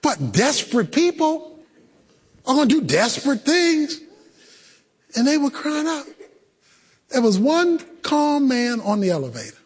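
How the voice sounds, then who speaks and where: Man, preacher, very high voice, lively swooping pitch, shouts, sing-song sermon. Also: measured pace, long pauses, breathy edge, long reverb tail. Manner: animated storytelling, rising to shouts and a sing-song cadence.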